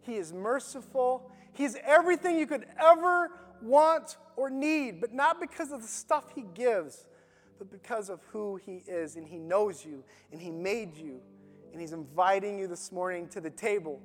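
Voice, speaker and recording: Guy pastor with a really high voice, preaching earnest with lots of ums, big church echo, soft music under it. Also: moderate pace. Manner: earnest, emphatic preaching with frequent um and uh. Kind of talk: sermon with closing prayer. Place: church service. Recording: long hall reverb, faint background music.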